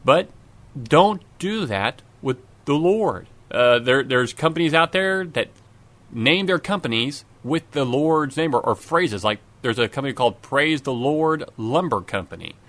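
A man's voice: mid-range voice, expressive, measured pace, a bit bright. A man preaching a sermon in an earnest, conversational way, often restarting his sentences. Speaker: pastor. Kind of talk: radio sermon.

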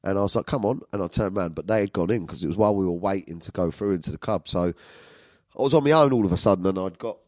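A man with a London accent rambles through crude stories, swearing freely. His voice sits very low, and the room is dead dry with no echo. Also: racing, darkish tone. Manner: rambling and profane, laughing at his own stories. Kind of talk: casual storytelling monologue.

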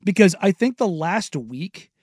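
A laid-back man talking sports in a casual podcast chat, with a voice a little higher than most men's. He often drops quieter and laughs easily. The sound is dry and close. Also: animated, measured pace, slightly rough, dry recording.

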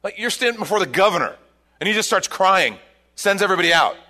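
A man preaching a sermon as pastor, telling a scripture story with emphatic bursts and quieter reflective stretches. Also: high voice, lively intonation, fast.

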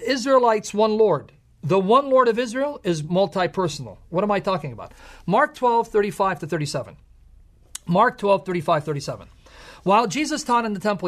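High-voiced emphatic male Bible teacher. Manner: emphatic, lecturing, quotes scripture.

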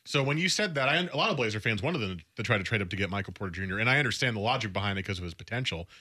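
A man's voice: lowish voice, animated, racing, pushed and bright, husky. A man co-hosting a sports radio show, talking in a casual, emphatic and opinionated way.

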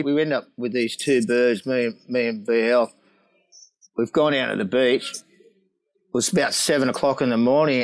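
A middle-aged former pro surfer tells a rowdy anecdote, laughing and acting out quotes in a medium-pitched voice. The recording quality is low.

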